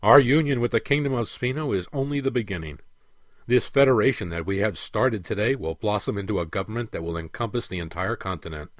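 A stern aging emperor in an audiobook, measured and commanding as he lectures, read by a man. The voice sits low. The sound is dry and close. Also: no echo, lightly acted.

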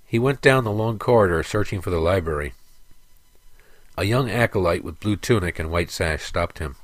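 A man narrates a fantasy story in a measured, even way. His voice is very low and the recording is dry, with no room sound. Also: no room sound. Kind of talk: audiobook narration.

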